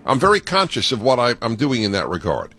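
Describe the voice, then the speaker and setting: A man's voice: medium pitch, huge pitch swings, fairly quick, pushed and bright. A man hosting a call-in radio talk show, talking in a playful, theatrical, opinionated way.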